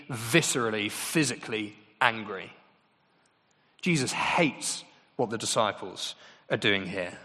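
Bright-voiced preacher in a hall. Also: male voice, mid-range voice. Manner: conversational, asks the congregation questions. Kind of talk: sermon. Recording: long hall reverb.

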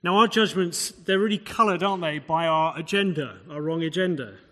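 Preacher in a reverberant hall. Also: male voice, a little high, expressive, brisk, fairly bright tone. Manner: expository, conversational asides, rhetorical questions. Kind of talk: sermon.

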